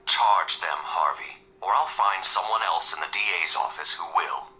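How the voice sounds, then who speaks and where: A man voicing a stern, worn-out male police commissioner who presses his point forcefully in an audio drama. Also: sits low, moderate pace, low-quality recording. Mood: insistent. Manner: insistent, forceful.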